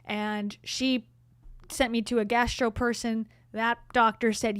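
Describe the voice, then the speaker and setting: A middle-aged woman hosts a casual livestream and tells her own stories in a chatty way, laughing often. Her voice sits a little high. The sound is dry and close to a streaming mic. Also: little pitch movement, a little slow, smooth, dry recording. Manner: chatty storytelling, frequent laughs. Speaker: livestream host.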